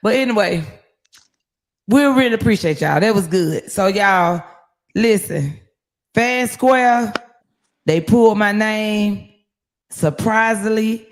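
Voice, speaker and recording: A woman hosting a casual livestream from her phone, telling stories in a lively, profane way. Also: mid-range voice, slow pace, long pauses. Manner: lively, profane storytelling with laughs. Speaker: livestream host.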